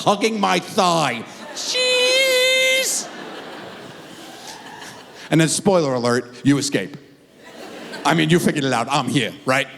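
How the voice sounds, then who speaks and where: A middle-aged man performing a stand-up comedy routine, telling a story with animated delivery and acted-out voices. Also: a little high, creaky, long reverb tail, slight background noise.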